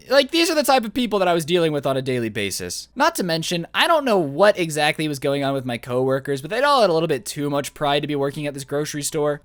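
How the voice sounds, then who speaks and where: A young man telling a storytime vlog about his first job in an animated, sarcastic rant. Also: on the high side, dry recording, clean studio sound. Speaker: vlogger.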